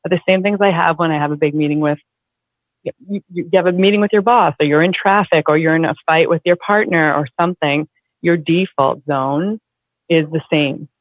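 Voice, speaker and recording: A woman's voice: low-pitched, a little fast, dry recording. Woman on a tinny phone-like line. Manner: animated, chatty, many fillers like "like". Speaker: guest. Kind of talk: casual conversation.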